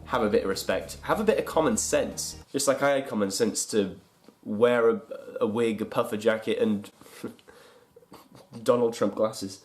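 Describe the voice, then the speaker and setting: A man's voice: lowish voice, normal speed, faint music behind. Chatty British man with a comic vlog rant. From United Kingdom. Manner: chatty, sarcastic, jumps into silly voices. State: unwell, congested. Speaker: comedy vlogger.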